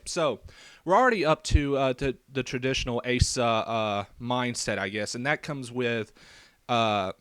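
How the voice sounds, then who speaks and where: A young YouTube vlogger with a faint rural Southern American accent rambles through a response video, hesitant and full of fillers and restarts. His voice is medium in pitch, a bit bright, clear and resonant, with no room sound.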